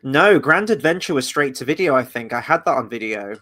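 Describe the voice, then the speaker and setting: A man's voice: mid-range voice, animated, fairly quick, sharp tone. Laid-back man reading chat. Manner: laid-back, chuckling, reads viewer comments aloud. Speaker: podcast co-host reading live chat. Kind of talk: casual chat.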